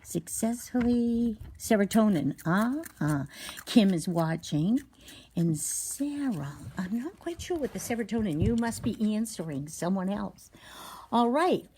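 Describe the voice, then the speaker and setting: A woman hosting an animal rescue livestream, reading a children's story aloud with a gentle, chatty delivery. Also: medium pitch, expressive, a little slow, a little hiss or hum.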